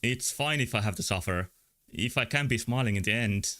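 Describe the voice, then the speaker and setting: A man's voice: on the low side, moderate pace, fairly bright tone. A man playing a story game, reading the dialogue aloud in a plain voice and joking about it. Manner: reads text in a plain voice, then jokes and reacts. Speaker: let's play streamer.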